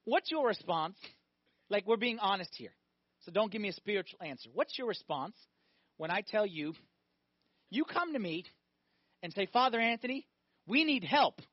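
A man preaching a lively sermon as a priest, often asking his listeners questions. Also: sits high, moderate pace, pauses often, husky, no echo. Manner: animated, asks the congregation questions. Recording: dull, dry recording.

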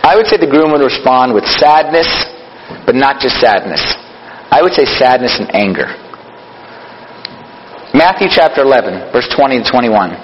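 A man's voice: medium pitch, slight background noise. A man leading a Bible study, questioning his group and repeating phrases to drive points home. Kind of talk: teaching sermon. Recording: dull lo-fi hall recording.

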